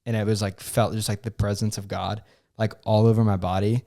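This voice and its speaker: A man's voice: on the low side, flat delivery, a little fast, creaky, mellow. A young man co-hosting a podcast, telling a story earnestly and emotionally, with many fillers and restarts. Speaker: podcast co-host. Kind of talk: casual chat.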